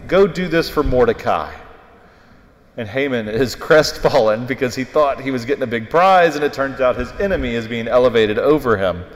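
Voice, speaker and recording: A man preaching a sermon in a church, retelling a story with animated, emphatic delivery. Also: mid-range voice. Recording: echoey hall with long reverb.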